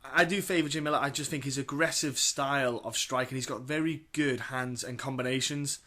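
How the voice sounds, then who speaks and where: A podcast co-host chats eagerly about his fight picks, repeating himself as he goes. His medium-pitched voice has fairly even intonation, a sharp tone and a slightly fast pace.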